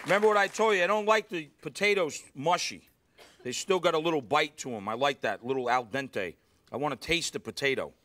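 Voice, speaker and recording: A man's voice: on the high side, brisk, sharp tone, a faint crowd, slight background noise. A man hosting a live cooking show in a studio kitchen, exuberant and talking straight to the audience. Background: faint studio audience.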